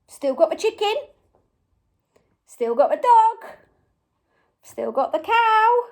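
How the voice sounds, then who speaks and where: High-voiced young lady playing a guessing game with little kids, very slow and sing-song, lots of gasps. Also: sing-song. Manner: sing-song, gasping with surprise, makes animal sounds. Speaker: early years teacher.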